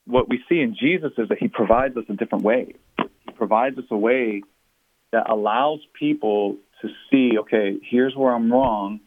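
A man who is a pastor and author, speaking as an interview guest and explaining his views in an earnest, measured way. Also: medium pitch, no room sound. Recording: tinny phone-line sound.

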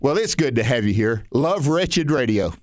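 A man hosts a Christian missions program in a loose, folksy way. He rambles, restarts his sentences and fills the gaps with little fillers. His voice sits at an ordinary pitch and sounds dry and close, with no room around it. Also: expressive, normal speed, dry recording. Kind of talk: conversational interview.

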